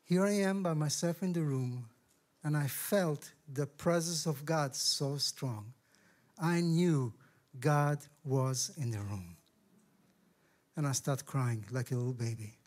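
A middle-aged Israeli man, a guest speaker sharing his testimony in a sermon, telling the story with lively acted-out dialogue. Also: fairly high pitch, measured pace. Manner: animated storyteller, acts out dialogue with raised voices. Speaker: guest speaker, ministry director.

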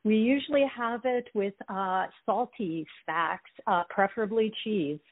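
A woman with a French Canadian accent, a native French speaker, answering interview questions in a friendly, measured way. Her voice comes through a tinny phone line. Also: mid-range voice. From Canada (Ottawa). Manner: friendly, measured, light laughs. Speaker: author guest. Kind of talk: interview conversation.

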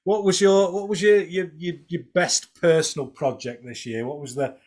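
A Yorkshire man in middle age chats on his podcast with a slightly higher voice than most men. He rambles and jokes freely, circling back over his own words. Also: fairly even intonation, moderate pace, darkish tone. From Yorkshire, England. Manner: chatty, rambling, jokey, with many restarts. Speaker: podcast host. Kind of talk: casual chat.

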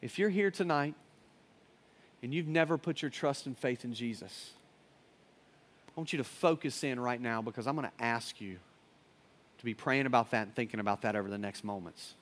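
A man preaching a sermon, telling a story, building to loud urgent peaks and dropping to hushed, earnest lines. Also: mid-range voice, normal speed, long pauses. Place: church service with live audience.

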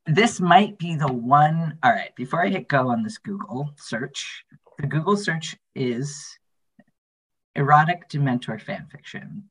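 A man in his thirties co-hosting a podcast, chatting casually in a giggly, playful, drawn-out way. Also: a little high, animated, fairly bright tone, husky, poor audio. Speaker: podcast co-host. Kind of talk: casual chat.

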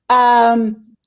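A woman hosting an interview, enthusiastic and encouraging toward her guest. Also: on the high side. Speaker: host. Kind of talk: conversational interview.

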